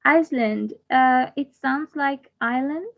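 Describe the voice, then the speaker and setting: Slow, deliberate woman drilling English words. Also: high voice, gravelly. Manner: repeats each word twice, slow and deliberate. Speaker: English teacher. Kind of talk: slow drilled pronunciation lesson. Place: online class, speaking to a camera. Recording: slightly dull lo-fi audio.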